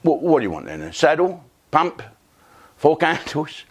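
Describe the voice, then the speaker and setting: A pushy, no-nonsense male shop assistant fires off impatient questions, voiced by a male comedian. His delivery is brisk and bouncy, and his pitch swings freely. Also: very animated. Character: blunt, brash adult male shop assistant.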